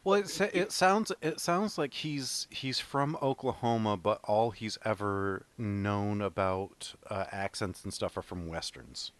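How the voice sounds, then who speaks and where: Guy cohosting a movie podcast, lowish voice, laughs a lot, keeps restarting his sentences. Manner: relaxed, laughs often, halting restarts. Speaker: podcast co-host. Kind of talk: casual chat.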